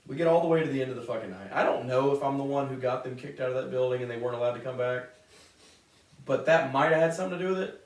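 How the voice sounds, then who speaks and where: A man's voice: medium pitch, racing. Profane man bantering in echoey room. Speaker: podcast co-host. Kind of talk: casual chat. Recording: roomy echo, distant mic.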